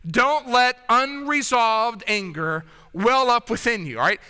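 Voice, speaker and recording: A man delivers a sermon in a church sanctuary, his very high, very bright voice smooth and clear, his pace a little slow. He chats with the congregation conversationally and checks in with them often, and a long reverb follows his words through the hall.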